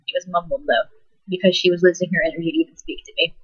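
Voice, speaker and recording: A teenage girl telling a personal story in a soft, halting, emotional way. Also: on the low side, fairly even intonation, slightly rough. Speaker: vlogger. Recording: dull lo-fi recording.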